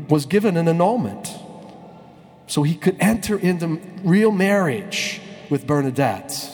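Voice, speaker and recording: Priest preaching in an echoing church. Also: male voice, on the high side, a little mellow. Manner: storytelling, slowing down and stretching words for emphasis. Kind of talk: sermon.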